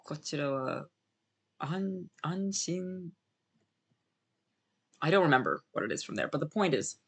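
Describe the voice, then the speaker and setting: A man's voice: medium pitch, vocal fry, a bit bright, breathy edge. A man streaming a game live, musing aloud to his chat in a rambling, self-correcting way. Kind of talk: casual live-stream commentary.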